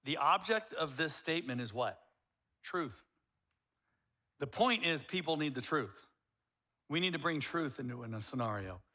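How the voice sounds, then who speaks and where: Middle-aged male pastor, animated sermon delivery, bright tone. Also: a little high, normal speed, long pauses. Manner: animated, acts out quoted voices.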